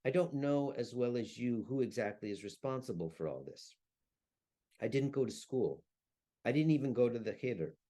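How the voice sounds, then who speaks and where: A man's voice: medium pitch, animated, moderate pace, warm tone, close to an everyday voice. A man reading the lines of an elderly grieving Jewish saddle maker who laments and curses bitterly. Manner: lamenting, rising to furious curses.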